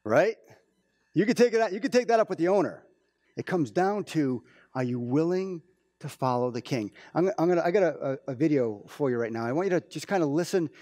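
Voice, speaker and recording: Animated man preaching a conversational sermon. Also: fairly high pitch, a little fast, dry recording, clean studio sound. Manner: informal, animated storytelling with many restarts. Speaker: pastor. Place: church.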